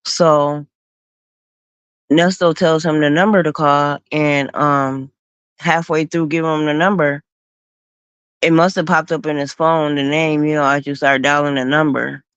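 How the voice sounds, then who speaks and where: A woman hosting a stream, slowly recounting events in a casual storytelling manner. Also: low voice, steady tone, clean tone, dry recording. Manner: slow, recounting events with acted quotes. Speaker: host.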